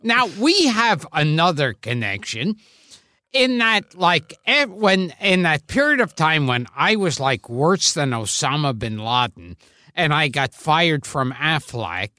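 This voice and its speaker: A man co-hosting a casual chat, talking in a slow, halting, self-deprecating way. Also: on the high side, very animated, pushed and bright, no room sound. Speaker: podcast co-host.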